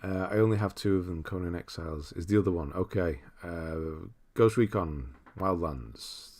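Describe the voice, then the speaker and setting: A man with a deep, low voice hosts a casual live stream. He rambles easily, reads out viewers' messages and breaks into laughter often. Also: normal speed. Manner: relaxed, rambling, reads chat aloud with frequent laughs. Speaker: streamer host.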